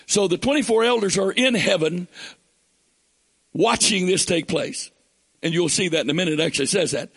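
A man delivering a fervent sermon in a notably high voice. His tone is gravelly and breathy-husky, and he reads scripture aloud between passages of explanation that build into shouts. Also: fairly quick. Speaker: preacher.

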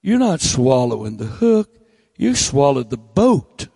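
A man's voice: very animated, slow, gravelly, warm tone, breathy edge, no room sound, clean studio sound. A male preacher, delivering a blunt, folksy sermon with teasing asides into a handheld microphone. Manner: folksy, blunt, teasing, drops to low mocking tones.

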